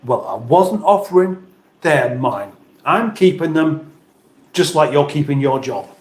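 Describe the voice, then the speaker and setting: A man's voice: fairly high pitch, expressive, unhurried. Male livestream host, jokey and meandering, reading chat in an echoey room. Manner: rambling, playful, jokey asides.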